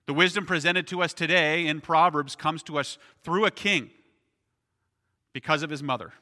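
Bright-voiced man preaching in a hall. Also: a little high, moderate pace. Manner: conversational preaching with frequent "right?" asides. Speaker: pastor. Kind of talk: sermon.

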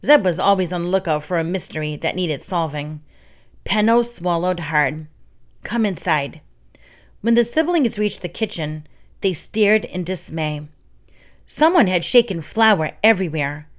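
Woman, storybook reading, soft steady voice, children's tales. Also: on the low side, moderate pace. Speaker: reader of children's stories.

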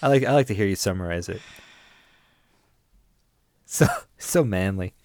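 A man's voice: sits low, expressive, a little slow, darkish tone, no echo, studio quality. A man co-hosting a casual book podcast, talking in a playful, teasing way. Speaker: podcast co-host.

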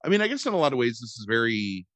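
A man's voice: medium pitch, big pitch swings, very fast, a bit bright, no room sound. A man chatting casually as a podcast host about a movie, rambling and sarcastic, swearing and filling gaps with "um" and "like.". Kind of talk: casual chat.

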